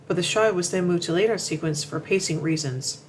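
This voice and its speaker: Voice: medium pitch, fairly quick, slight background noise, low-quality recording. A commentator reading a narration from notes, often stumbling, repeating words and restarting sentences. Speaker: show commentator.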